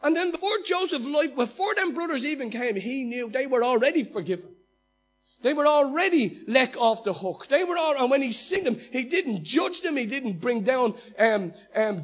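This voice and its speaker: Husky high-voiced man preaching. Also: moderate pace. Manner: animated preaching, acts out quoted speech, swings between loud and hushed. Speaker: pastor. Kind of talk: sermon.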